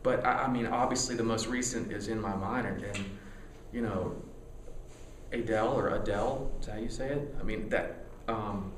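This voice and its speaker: A musician being interviewed, talking candidly in a rambling, excitable way, full of stammered restarts and casual swearing. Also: male voice, on the low side, moderate pace, reverberant, a little hiss or hum.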